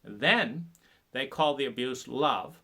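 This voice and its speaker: A man giving an impassioned, sarcastic monologue about trauma recovery, halting often with fillers and restarts. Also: mid-range voice, animated, pushed and bright. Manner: sarcastic, mocks others in put-on voices.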